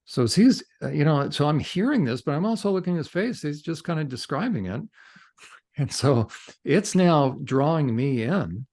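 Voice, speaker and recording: A middle-aged man, a counselor and podcast guest, telling a story in conversation, animated and gesturing with his hands as he talks. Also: fairly high pitch, moderate pace.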